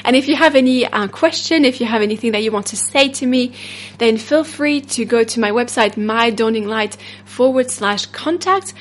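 Solo podcast host, woman, French accent, rambling and upbeat, slightly high voice. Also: moderate pace. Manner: rambling, upbeat, laughs often, many fillers. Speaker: podcast host and self-love coach.

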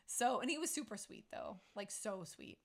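A woman's voice: medium pitch, sing-song, moderate pace, vocal fry. A middle-aged woman hosting a casual chat, talking playfully and acting out quotes as she tells stories. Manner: chatty, playful, acts out quotes. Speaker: podcast host.

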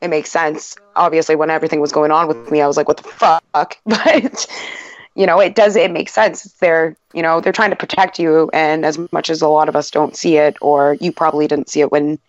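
Low-voiced woman telling a story frankly. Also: steady tone, fairly quick, no room sound, highs cut off. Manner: frank, swears freely. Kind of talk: casual podcast chat.

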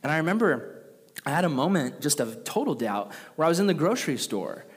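A young adult man preaching a sermon, animated and conversational, with casual asides to the congregation. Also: fairly high pitch, fairly quick, slightly rough. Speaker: pastor. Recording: reverberant hall.

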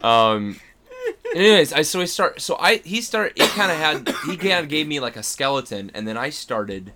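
A young actor guesting on a podcast rambles through stories, laughing and restarting his sentences in casual chat. His voice is on the high side and sing-song, at a moderate pace, with background noise.

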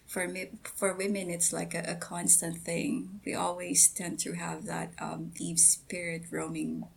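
A woman guest on a podcast, talking hesitantly with many pauses and fillers, and giggling. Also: lowish voice, little pitch movement, creaky, slightly rough. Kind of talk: casual podcast chat.

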